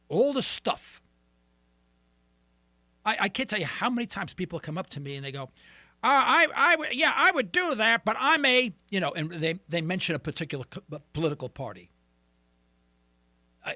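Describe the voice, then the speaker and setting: Male talk radio host, high and lively, bright dry studio sound, jokey ranting delivery. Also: dry recording. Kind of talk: call-in radio monologue.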